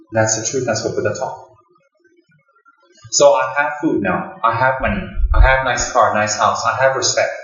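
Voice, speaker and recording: A man's voice: fairly low pitch, a bit bright, recorded from a distance. A man in his fifties, a Buddhist lama, giving a dharma teaching in an anecdotal, emphatic way, repeating phrases for stress. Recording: roomy, slightly dull recording.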